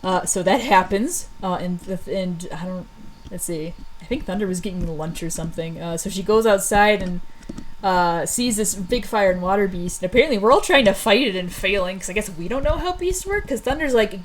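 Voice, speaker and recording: A woman casually recapping old stories, rambling with lots of fillers and quick laughs. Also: mid-range voice, slight background noise, rough recording. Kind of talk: casual chat.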